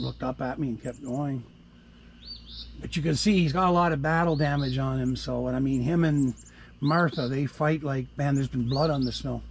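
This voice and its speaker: Rambling to his audience and addressing the animals at his campsite, a sixty-something vlogger speaks in a gravelly, husky voice of medium pitch at a moderate pace. There's a little hiss or hum in the recording.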